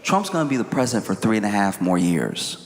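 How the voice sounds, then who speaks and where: A man voicing a cold, threatening male tech billionaire in a low, flat, menacing delivery. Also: quick pace, a little hiss or hum. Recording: roomy hall with audible ambience.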